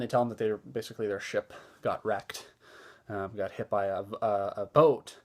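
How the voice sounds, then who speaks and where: A man's voice: fairly low pitch, normal speed. A man giving a casual spoken movie review, easygoing and enthusiastic, with a loose retelling full of fillers and restarts.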